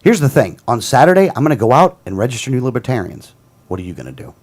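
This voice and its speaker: A man's voice: mid-range voice, big pitch swings, fast talker, darkish tone. A man hosting a casual political talk show, ranting in a heated, combative way and often repeating himself.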